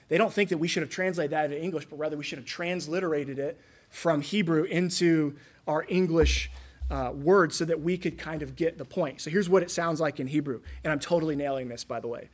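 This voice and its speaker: A man's voice: on the high side, brisk. A man preaching a sermon in a conversational way, acting out the voices he quotes. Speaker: pastor.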